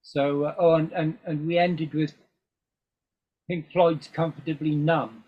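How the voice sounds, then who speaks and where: A fairly high, level-toned voice belongs to an older English guest musician who speaks unhurriedly in a casual interview. He tends to ramble, often pausing with "um" and starting over. The recording is dull and lo-fi.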